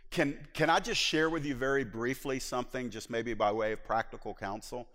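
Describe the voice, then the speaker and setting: A middle-aged pastor delivers his sermon in a voice of average pitch. He tells stories animatedly and acts out small asides. The sound carries a long reverb from the church hall. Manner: animated storytelling with laughs and acted-out asides. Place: church sanctuary.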